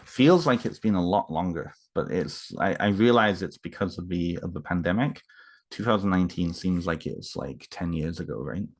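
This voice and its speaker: Deep-voiced man, halting casual vlog. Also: expressive. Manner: halting, many fillers and restarts. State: emotional, moved. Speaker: author unboxing books. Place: home.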